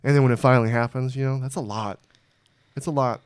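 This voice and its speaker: A man hosting a casual podcast chat, animated and profane, loudly acting out what others said. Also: mid-range voice, quick pace, smooth, no echo, studio quality. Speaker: podcast host.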